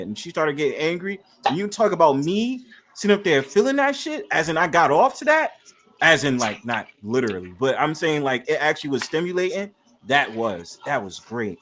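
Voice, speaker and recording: A man talking as a guest on a casual livestream panel, boastful and profane, laughing and often trailing off quietly. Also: on the high side, very animated, brisk, slight background noise.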